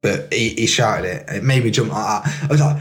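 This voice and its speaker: A man's voice: fairly low pitch, brisk, a bit bright. A young man telling a rambling story as a podcast guest, full of fillers. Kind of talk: casual podcast chat.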